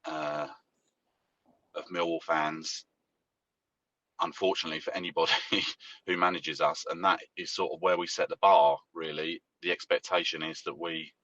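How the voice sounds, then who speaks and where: Man, very deep voice, measured and hesitant, muffled lo-fi clip, off-mic. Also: little pitch movement, a bit bright, no room sound. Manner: measured, hesitant, many fillers. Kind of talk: earnest interview answer. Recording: dull lo-fi clip from a distance.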